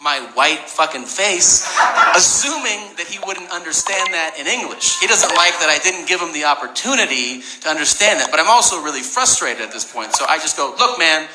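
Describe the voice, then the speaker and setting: A male stand-up comedian works a club stage and tells a story with a lot of swearing. His voice sits a little high, and it echoes around the room. Heavy noise runs under the whole recording. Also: fairly quick. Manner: profane, animated storytelling. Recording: roomy live stage recording with crowd noise.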